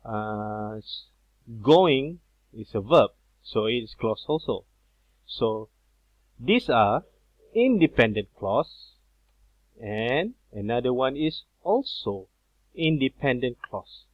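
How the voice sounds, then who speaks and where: A male teacher explains grammar at an unhurried, deliberate pace, often pausing on fillers and repeating key points. His voice sits at a middle pitch. The recording is dry and a little dull, like a laptop mic in a small room. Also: big pitch swings, dry recording. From Malaysia. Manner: slow, repetitive explaining with many fillers.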